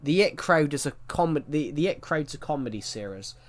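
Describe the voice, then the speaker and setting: A man's voice: fairly high pitch, lively intonation, normal speed. Rambling man chatting on a game stream. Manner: rambling storyteller, frequent self-corrections. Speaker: livestreamer. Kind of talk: casual chat while streaming a game.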